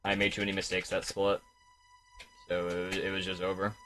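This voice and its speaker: A young male streamer with a lowish, bright and forceful voice talks into a desk microphone in casual live-stream commentary. He rambles, swears and vents frustration at length. Faint music plays underneath. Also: completely flat delivery, fairly quick. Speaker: speedrun streamer.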